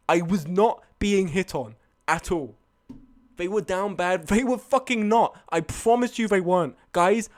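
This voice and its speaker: A young man telling a night-out story on a live stream, swearing and arguing back at his chat. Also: sits high. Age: young adult.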